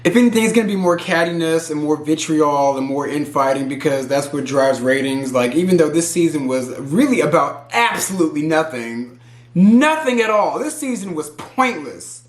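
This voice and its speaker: A man from Houston gives casual, opinionated pop culture commentary in a high voice. He talks straight to his viewers with plenty of animation. The sound bounces around an echoey room. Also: lively intonation, normal speed. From Houston, Texas.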